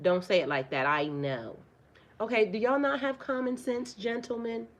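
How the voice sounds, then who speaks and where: A woman's voice: fairly high pitch, moderate pace. A woman, a spiritual life coach, talking casually on a livestream: blunt, profane and preachy, firing rhetorical questions and repeating phrases for emphasis. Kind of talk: casual livestream talk to viewers.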